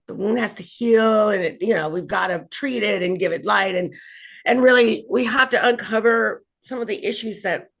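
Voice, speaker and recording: A woman, a cancer survivor, telling her own story in an interview with emphatic, expressive delivery and frequent laughs. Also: medium pitch. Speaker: colorectal cancer survivor and patient advocate.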